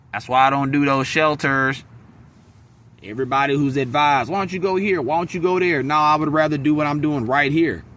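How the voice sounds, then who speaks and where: A vlogger with a fairly high, sharp-toned voice rants bluntly and profanely about his work day in a casual monologue. He's recording outdoors in woods near a freeway.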